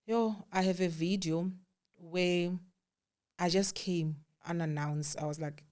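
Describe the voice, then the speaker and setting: A South African woman, a guest telling a personal story in a candid, animated way, voicing the people she quotes and dropping to a hush at times. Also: on the low side, slow pace. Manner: candid, animated quoting of others, drops to hushed tones.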